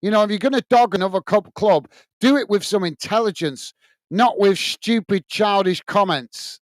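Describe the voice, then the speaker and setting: A man's voice: high-pitched, moderate pace, no room sound. A British man hosting a live football watch-along, commentating on play and chatting to viewers, often calling them mate with plenty of fillers. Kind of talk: live match commentary and chat reading.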